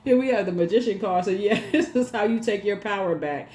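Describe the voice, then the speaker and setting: A woman giving a casual tarot reading, chatty and animated, laughing often and talking straight to her viewers. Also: medium pitch, fairly quick. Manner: addresses viewers directly and casually. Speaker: tarot reader.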